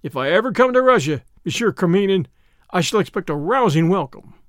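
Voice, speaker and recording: A man's voice: sits high, very animated, fairly quick, dry recording, clean studio sound. A man voicing a bold, cheerful young man who talks in breezy slang.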